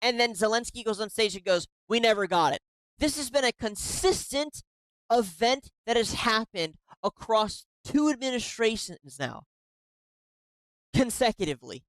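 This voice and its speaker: A woman's voice: fairly high pitch, lively intonation, normal speed, no room sound, rough recording. A woman giving casual reaction commentary on a clip, exasperated and swearing often. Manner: exasperated, swears a lot, says "bro".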